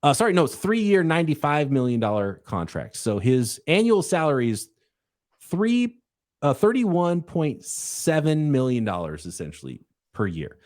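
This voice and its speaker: A man's voice: a little high, very animated, normal speed, a little mellow. A man hosting a casual sports podcast, easygoing and rambling. He talks in a loose, chatty way, trailing off and restarting his thoughts as he goes. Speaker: podcast host.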